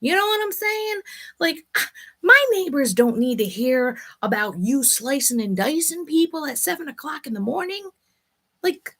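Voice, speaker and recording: A middle-aged woman hosts her own casual video chat, a little higher-pitched than most women. She talks bluntly and swears freely, venting her frustrations without any filter. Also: big pitch swings, unhurried, a bit bright. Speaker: vlog host. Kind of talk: candid personal chat.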